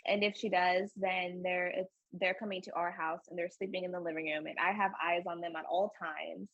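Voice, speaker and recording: A young woman speaking as a podcast guest, earnest and emotional in candid conversation, with a husky voice. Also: lowish voice, flat delivery, brisk, fairly bright tone, no room sound, dull audio. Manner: earnest and emotional, frequent fillers and laughs.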